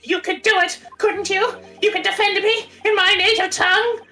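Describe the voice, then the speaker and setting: A very high, bright voice for a despairing young foreign student, a woman acting him out. He is anxious, self-pitying and clings to anyone who will listen. Faint game music plays underneath. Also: fairly even intonation, moderate pace, low-quality recording. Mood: clingy. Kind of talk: reading a visual novel aloud.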